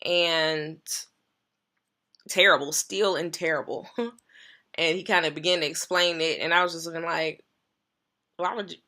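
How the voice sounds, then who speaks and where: A woman's voice: sits low, fairly even intonation, normal speed, long pauses, bright, forceful tone. A woman pastor sharing a personal story in an earnest, emphatic way, repeating key phrases.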